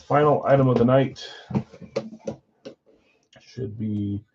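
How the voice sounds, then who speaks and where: A man of ordinary pitch hosts a live sports card break and chats casually with his viewers. His talk is relaxed and conversational. The stream audio sounds slightly dull and lo-fi. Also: slow pace, vocal fry, very noisy. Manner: casual, chatty, talking to viewers while opening packs.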